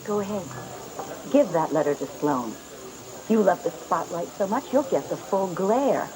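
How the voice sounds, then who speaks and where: A woman's voice: lowish voice, lively intonation, measured pace, a crowd in the background, poor audio. An actress playing a cold, scheming rich woman who talks down to others with cutting condescension, in TV soap opera style. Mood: taunting. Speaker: scheming villainess. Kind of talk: 1990s TV soap opera acting. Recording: TV audio with music underneath.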